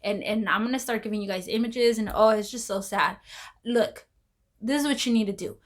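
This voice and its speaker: A woman's voice: a little high, brisk. A woman vlogging casual commentary, rambling, repeating herself and exclaiming as she goes.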